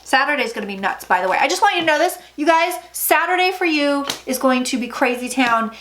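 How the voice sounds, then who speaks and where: Woman psychic, high voice, chatty and theatrical delivery for a tarot reading vlog. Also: animated, slight background noise. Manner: chatty, dramatic, with sudden loud asides and drawn-out phrases.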